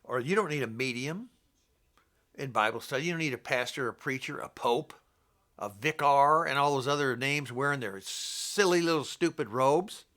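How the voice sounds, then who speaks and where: A man's voice: medium pitch, normal speed, bright, forceful tone. An older man giving an informal, rambling Bible teaching in a blunt, scolding way. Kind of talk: informal preaching monologue.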